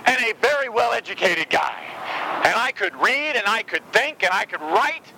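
A man in his thirties preaches with a bright, high-pitched voice and strong emphasis, often jumping into quick quoted voices. His delivery is animated and punchy. Traffic and city noise run clearly underneath the whole recording. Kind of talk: sermon.

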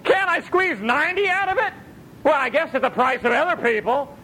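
A man's voice: very high-pitched, lively intonation, brisk, sharp tone, pitched above the performer's own voice, exaggerated voice, rough recording. A preacher putting on a panicked sixty-two-year-old man who wails and pleads to live longer. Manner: wailing, pleading.

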